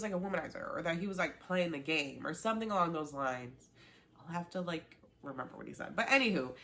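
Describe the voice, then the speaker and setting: A young woman chatting casually as she recaps a reality dating show, full of "like" and acted-out quotes of the cast. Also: lowish voice. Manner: chatty and animated, lots of "like" and quoted reactions.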